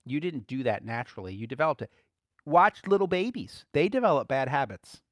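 A man giving conversational Bible teaching as a preacher, relaxed, laughing lightly and repeating key phrases. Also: medium pitch, a little fast, dry recording.

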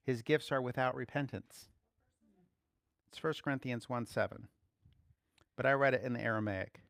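A man's voice: medium pitch, moderate pace, creaky, a bit bright, no echo. A man giving a casual, playful sermon, laughing often as he speaks. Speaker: preacher.

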